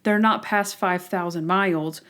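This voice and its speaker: A woman co-hosting a podcast, chatting casually and retelling scenes in an animated way. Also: fairly low pitch, unhurried. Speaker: podcast co-host. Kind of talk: casual chat.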